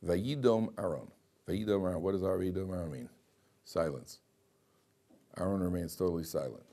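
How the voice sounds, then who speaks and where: Man teaching an animated Torah class. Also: low-pitched. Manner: animated, asks the class questions and repeats lines; reads Hebrew verses aloud slowly, then explains them.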